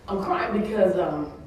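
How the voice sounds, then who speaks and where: Woman, earnest conference speaker, booming hall echo, distant mic, faint room ambience. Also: darkish tone, slight background noise. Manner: earnest, tearful at moments, laughing asides. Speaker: keynote speaker. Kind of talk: emotional public speech. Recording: echoey hall, mic from far off.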